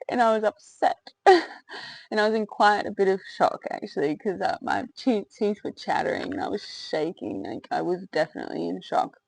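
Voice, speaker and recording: A woman's voice: mid-range voice, lively intonation, normal speed, vocal fry, no echo, low-quality recording. A woman telling her own birth story in a candid, rambling way, with lots of fillers, laughter and swearing. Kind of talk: casual personal storytelling to camera.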